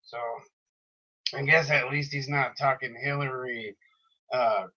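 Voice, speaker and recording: A man's voice: mid-range voice, steady tone, slow pace, pushed and bright, muffled recording. A man from the United States ranting casually about politics in a tough, groggy voice that he puts on, rambling with frequent ums and likes. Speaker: political vlogger.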